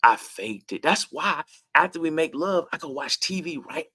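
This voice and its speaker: A man's voice: a little high, normal speed, bright, forceful tone, husky. A man, giving a playful, emphatic talk to an audience about relationships, acting out mock arguments in slang. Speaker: relationship therapist speaking to an audience. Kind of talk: animated talk with acted-out examples.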